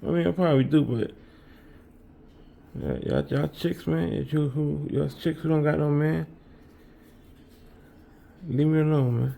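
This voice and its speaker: A man's voice: fairly high pitch, lively intonation, a little slow, gravelly, pauses often, dark tone. A man streaming from his home kitchen as he bakes, chatting casually with his viewers and rambling, repeating himself often. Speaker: streamer baking on camera.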